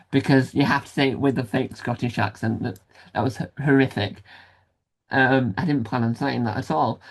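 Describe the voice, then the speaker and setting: A man's voice: mid-range voice, moderate pace. A man hosting a casual interview, rambling and self-deprecating with many restarts. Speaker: podcast host interviewer.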